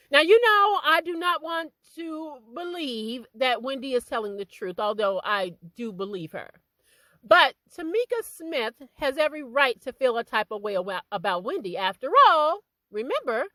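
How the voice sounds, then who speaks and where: Animated woman gossip vlogger. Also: no room sound, rough recording. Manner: animated and emphatic, drops low and quiet in asides. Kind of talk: casual gossip commentary, reading a statement aloud.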